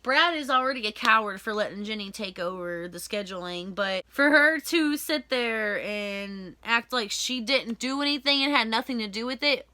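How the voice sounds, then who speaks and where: Young woman vlogger, high bright voice, close and dry, heated profane story-time rant. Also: expressive, moderate pace, hardly any pauses, no echo.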